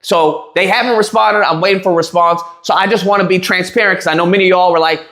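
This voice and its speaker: In a roomy, echoing space, a man recaps an interview to camera in a heated, mocking rant, laughing at his own jabs and often restarting sentences. His voice is high and a bit bright, quick-paced with fairly even intonation.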